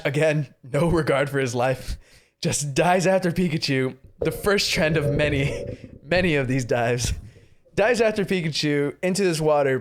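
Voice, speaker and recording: A man co-hosting a podcast, casually retelling a movie with lots of laughter and swearing. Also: fairly high pitch. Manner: laughs often, swears freely, rambling retelling. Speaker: podcast co-host. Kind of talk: casual movie recap chat.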